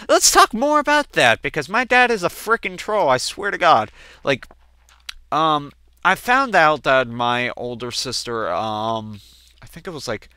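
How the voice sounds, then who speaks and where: A man of twenty doing casual let's-play gameplay commentary, chatting and telling family stories in which he acts out quoted relatives with sudden jumps in pitch. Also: big pitch swings, measured pace, pushed and bright, smooth, dry recording, clean studio sound. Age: 20s.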